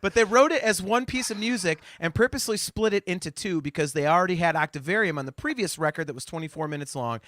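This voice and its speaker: A man hosting a casual podcast chat, animated and teasing, often laughing. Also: high-pitched, quick pace, few pauses. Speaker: podcast host.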